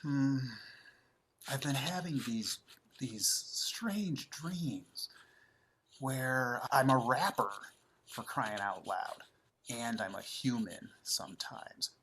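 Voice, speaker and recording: A man voicing a brooding puppet creature in a puppet video skit, who talks slowly and confides in a doctor. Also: medium pitch, fairly bright tone, slight background noise, pitched above the performer's own voice. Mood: confiding. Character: brooding puppet creature, dreams of being human.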